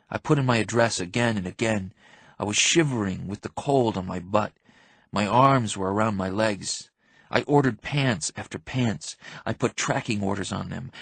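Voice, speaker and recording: A man narrating an audiobook in the first person, intense and numb in the quiet stretches. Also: lowish voice, creaky, slightly rough, no echo.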